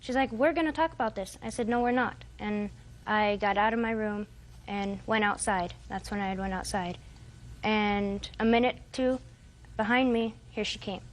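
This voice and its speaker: A woman's voice: medium pitch, fairly even intonation, normal speed. A woman in her twenties giving testimony as a defendant in court, rambling and hesitant, quoting what others said. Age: 20s.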